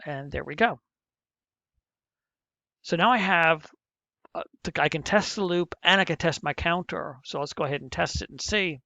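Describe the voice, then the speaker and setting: A man's voice: a little high, moderate pace, creaky, long pauses, sharp tone, no echo. A middle-aged male teacher walking through a programming lesson step by step, muttering to himself as he types. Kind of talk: screen-recorded coding lesson. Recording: muffled, dull lo-fi mic.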